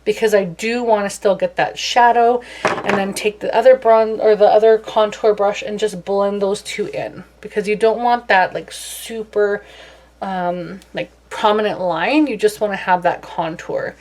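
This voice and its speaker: A woman's voice: mid-range voice, fairly even intonation, a little slow, a little mellow, slight background noise. A young woman chatting casually through a makeup tutorial, self-deprecating and talkative. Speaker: beauty vlogger.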